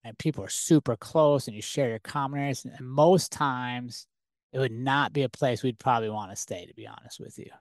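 A man's voice: mid-range voice, a little fast, no echo. Man telling a story, dry close sound. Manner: lively, conversational, rhetorical questions. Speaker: podcast host. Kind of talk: casual storytelling monologue.

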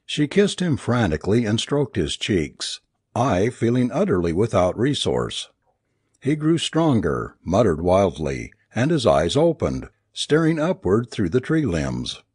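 Husky low-voiced man reading dramatically. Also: wildly swooping pitch, a little slow, darkish tone, no room sound, studio quality. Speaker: audiobook narrator. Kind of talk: scripted first-person story narration.

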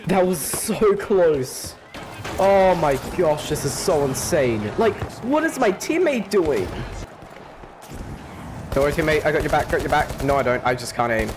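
A man commentating his own gameplay, excitable, swearing, yelping and laughing. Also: fairly high pitch, moderate pace, music in the background. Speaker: gaming channel host.

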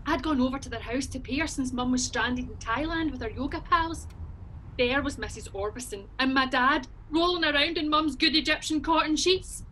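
Jackie, a frazzled Scottish passenger. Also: female voice, high-pitched, moderate pace, bright, forceful tone, a little hiss or hum. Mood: flustered. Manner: tearful, flustered, snappish. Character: frazzled woman passenger, nervy and defensive. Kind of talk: audio drama acting.

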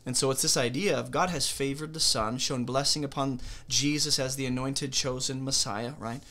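Bright-voiced man teaching a Bible study. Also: medium pitch, fairly even intonation, normal speed.

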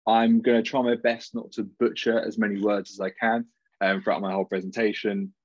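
A young man with a British accent presents his research in a relaxed, joking way, his voice sitting fairly low. The video call audio sounds dull and dry, with no room around it. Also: brisk, no room sound. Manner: informal and jokey. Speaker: PhD student presenter. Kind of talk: academic conference talk.

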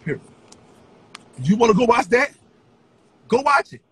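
Male streamer, very high and lively pitch, taunting profane rant with sing-song shouting. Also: measured pace, slightly rough, no echo, poor audio. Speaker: social media personality. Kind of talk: profane ranting livestream.

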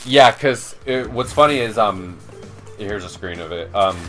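A man's voice: on the low side, animated, a little slow, fairly bright tone, soft background music. A young man hosting a let's play, rambling in casual gaming chat with many restarts and curses. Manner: rambling, lots of restarts and swearing.

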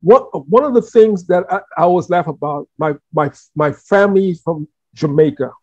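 Caribbean guy hosting, high husky voice, lively chat, dull dry lo-fi sound. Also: normal speed, no echo. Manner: animated, repeats words while thinking. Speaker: host. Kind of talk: casual interview chat.

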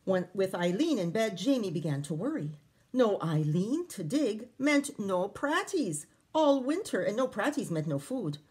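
A woman teacher reading a picture book aloud to children, expressive, with chatty asides to her listeners. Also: mid-range voice, a little slow, breathy edge.

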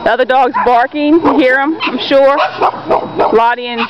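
A woman's voice: fairly even intonation, moderate pace, very noisy. A woman filming her dogs in a yard, cooing and calling to them and chatting to viewers in a casual home video. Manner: coos and calls to dogs in a high sing-song voice. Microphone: handheld camera. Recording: dull lo-fi home video with loud dog barking. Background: dogs barking.

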